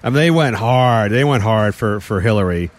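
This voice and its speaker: A man's voice: lowish voice, expressive. A man chatting casually and joking in a rambling, laughing way. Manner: fast, rambling, joking with frequent laughs and fillers. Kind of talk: casual podcast banter.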